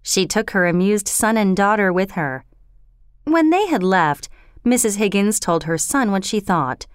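A woman narrating a storybook in an expressive, steady reading voice. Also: medium pitch, unhurried, clear, resonant tone, no room sound, studio quality.

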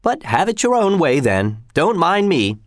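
A man's voice: a little high, very animated, measured pace, dry recording, clean studio sound, voice pushed up. A man reading aloud, voicing a pompous townsman who lectures others about tact in a condescending way. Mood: lecturing. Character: pompous, smug middle-aged Swiss townsman.

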